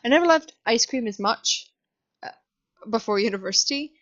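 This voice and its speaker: A woman's voice: fairly high pitch, expressive, moderate pace, a bit bright, muffled recording. A young woman from Britain, a university student, chatting casually and rambling in a self-deprecating way over a game build. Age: young adult. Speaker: sims builder voiceover. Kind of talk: casual voiceover chat. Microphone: desk microphone.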